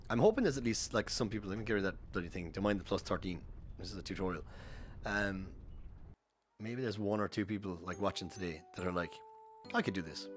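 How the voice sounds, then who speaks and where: A man's voice: fairly low pitch, fast, a little hiss or hum. An Irish man giving casual, rambling speedrun commentary over gameplay, full of fillers and self-corrections. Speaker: streamer.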